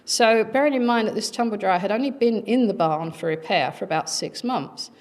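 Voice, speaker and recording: A woman's voice: mid-range voice, brisk. A middle-aged woman speaking at a conference, telling a personal anecdote in a chatty way with many fillers and acted-out quotes. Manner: chatty, frequent fillers, acts out quoted voices.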